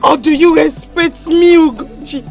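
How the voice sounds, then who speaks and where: High slow Nigerian mother, scolding, faint score under. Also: gravelly, soft background music. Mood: worried. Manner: scolding, emotional. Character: distraught, scolding village mother. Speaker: mother of a pregnant daughter. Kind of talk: film drama acting.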